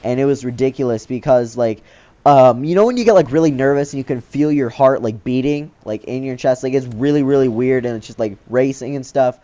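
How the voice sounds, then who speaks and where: A man's voice: mid-range voice, a little fast, warm tone, muffled recording. Rambling young man telling a story. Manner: rambling, loose, filler-heavy talk. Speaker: gaming channel host. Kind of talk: casual storytelling over gameplay commentary.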